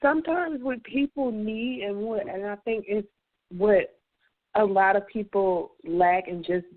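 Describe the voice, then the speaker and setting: A woman's voice: medium pitch, unhurried. A woman on a radio panel who makes her points in an earnest, opinionated way. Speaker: roundtable panelist. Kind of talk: casual radio panel chat. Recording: tinny phone-line sound.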